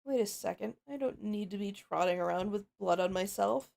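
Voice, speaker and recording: A woman's voice: mid-range voice, brisk, gravelly, a little mellow. A woman gaming creator making casual, chatty asides while she plays and voices characters. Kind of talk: casual game commentary.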